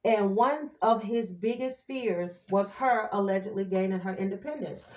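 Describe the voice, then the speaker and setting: In a mid-range, slightly mellow voice at a moderate pace, a tarot reader chats sassily with her viewers during a casual reading, now and then singing a few lines. The recording is muffled, with an echoey room.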